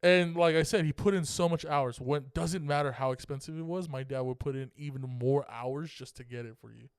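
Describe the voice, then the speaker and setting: A young man from California co-hosts a podcast and tells a long story in a loose, rambling way with lots of swearing. His voice is smooth and clear and sits a little high. The close mic makes it sound dry, with no room echo. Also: a little fast. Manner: profane, rambling, laughing as he talks. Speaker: podcast co-host. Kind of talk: casual storytelling chat.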